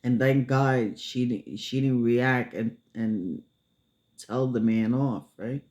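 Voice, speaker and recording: A man telling a story casually, unhurried, with many filler pauses. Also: medium pitch, a little mellow, highs cut off.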